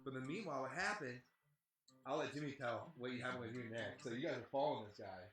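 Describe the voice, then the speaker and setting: Fast-talking swearing man telling a story. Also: mid-range voice, a bit bright, reverberant. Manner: rambling, heavy swearing, lots of "like". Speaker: band member telling a tour story. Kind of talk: casual storytelling chat.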